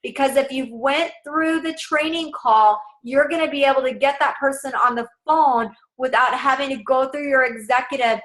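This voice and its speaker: Bright-voiced woman coaching sales. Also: high-pitched, normal speed, hardly any pauses, low-quality recording. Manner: upbeat, direct, instructional. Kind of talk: casual coaching talk.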